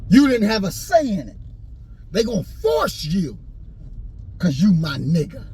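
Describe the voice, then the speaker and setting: A man delivering an impassioned, preachy rant and story, repeating his points and rising into shouts. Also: sits high, wildly swooping pitch, measured pace, a little hiss or hum, poor audio. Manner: preachy, repetitive, swings into shouting.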